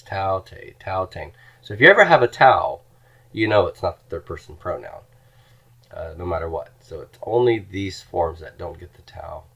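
A man with a very deep, low-pitched voice gives a recorded grammar lecture. He explains patiently, walking through word forms one by one and repeating them aloud for his students. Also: creaky, fairly bright tone, breathy edge. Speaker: Greek teacher.

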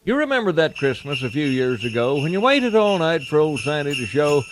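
A man recites comic rhyming cowboy verse in a folksy voice. His pitch runs somewhat high. Clear music plays behind him. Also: very animated, fairly quick. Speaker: cowboy poet.

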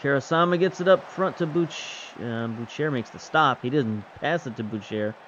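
A man's voice: mid-range voice, normal speed, a bit bright. Man, chatty sports-game commentary, wry and self-mocking, slightly muffled recording, faint hum behind. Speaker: gaming video host. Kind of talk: casual play-by-play game commentary.

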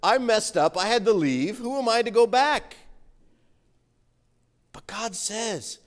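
Pastor guy preaching, high voice, lively, long echo of a church hall. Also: slow. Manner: animated, reads scripture aloud and comments. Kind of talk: sermon. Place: church sanctuary.

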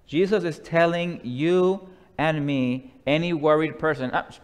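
Man, pastor, sermon, slow deliberate delivery, slightly high voice, long church reverb. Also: smooth. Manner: slow, deliberate preaching that drops to a soft hush. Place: church sanctuary.

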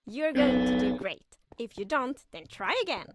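A woman's voice: high-pitched, lively intonation, moderate pace, noisy background. A woman voicing a cheery, reassuring female coach character in a video game. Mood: encouraging. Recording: voice over loud game music. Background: game music.

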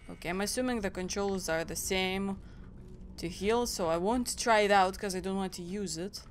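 A woman's voice: medium pitch, normal speed, slight background noise. A woman from Europe hosting a gaming channel, reacting aloud and chatting through a let's play. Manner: chatty, reacting aloud, frequent small laughs.

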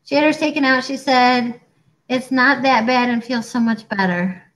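A woman in her forties co-hosting a casual chat, talking in a chatty, animated way and acting out other people's lines. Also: sits high, moderate pace, rough recording. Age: 40s. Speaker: co-host.

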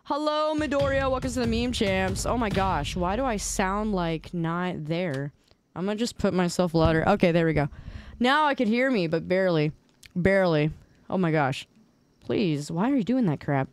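A woman's voice: medium pitch, expressive, normal speed. A woman streaming, chatting casually and reacting to memes with playful, mock-indignant whining and teasing.

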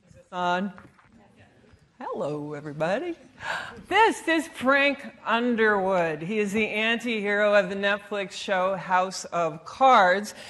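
A high-voiced American woman speaks from an auditorium stage with a playful, theatrical delivery. She acts out lines with relish. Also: fairly bright tone. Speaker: speaker at a live talk event. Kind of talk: lively presentation talk.

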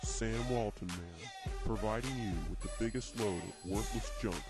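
A man's voice: on the low side, moderate pace, natural voice. A man doing a grave trailer-style announcer. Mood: solemn. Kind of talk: scripted intro voice-over. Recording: distant voice over loud music.

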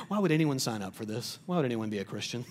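A male pastor preaching a sermon in a conversational way. He often repeats words as he starts sentences, and he drops to a quiet, soft voice on tender points. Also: mid-range voice, sing-song, quick pace.

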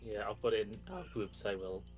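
A man playing games with a friend on a casual stream, excitable and prone to yelling at the game. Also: on the low side, a little fast, soft background music. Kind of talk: casual gaming stream chat.

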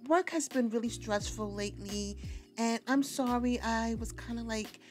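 A woman voicing a shy, awkward young woman in a game, speaking softly and apologetically. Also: on the high side, moderate pace, music in the background, natural voice.

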